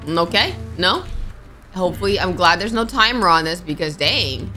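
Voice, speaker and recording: Animated young woman gaming streamer. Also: on the low side, moderate pace, faint music behind. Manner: animated, talks to herself and the game, reads character lines aloud. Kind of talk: playthrough commentary with read-aloud dialogue.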